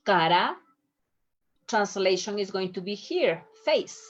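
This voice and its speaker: A woman teaching a recorded online lesson, enunciating words slowly and deliberately. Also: medium pitch, animated. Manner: slow, careful delivery, stretches out example words; clear, deliberate enunciation of each syllable. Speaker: Spanish teacher. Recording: dull lo-fi recording.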